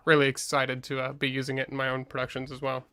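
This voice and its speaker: A man's voice: mid-range voice, monotone, fast talker, pushed and bright, clean tone. A man hosting an interview, asking long, rambling questions full of hesitations and fillers. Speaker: interview host. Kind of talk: casual interview talk.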